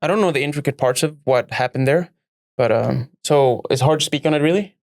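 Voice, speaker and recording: A man co-hosting a podcast in casual chat, slow and musing, laughing easily. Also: mid-range voice, dry recording, studio quality. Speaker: podcast co-host.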